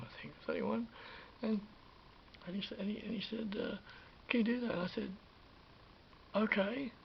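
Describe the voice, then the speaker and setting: A high-pitched, gravelly voice belongs to a vlogger around fifty who casually reminisces about working in film. His rambling tale has restarts and sudden whispers, heard on a dull lo-fi recording with faint background noise.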